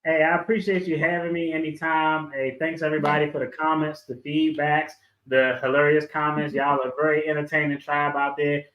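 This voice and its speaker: A man's voice: on the high side, little pitch movement, brisk, few pauses, reverberant, dull audio. A man, a guest lawyer, chatting casually on a video call and telling stories with a laid-back, chuckling manner.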